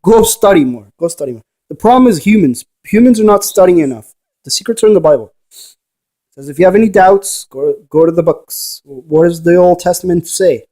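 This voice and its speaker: A man who hunts ghosts argues with his audience through rhetorical questions in a rambling, sermon-like monologue. His high voice is warm, fairly quick and lively in intonation.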